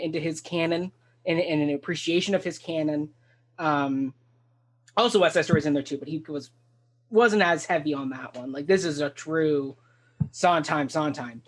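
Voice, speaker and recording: A talk show host in a casual discussion of a stage musical, talking enthusiastically and rambling with many restarts. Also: medium pitch.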